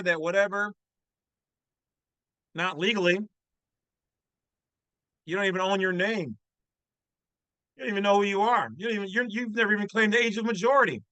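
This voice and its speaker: A man's voice: high voice, bright, forceful tone, clear, resonant tone, no room sound, rough recording. A man hosting his channel, commenting in a brash, folksy, slangy way. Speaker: channel host. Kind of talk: casual commentary on a read-aloud text.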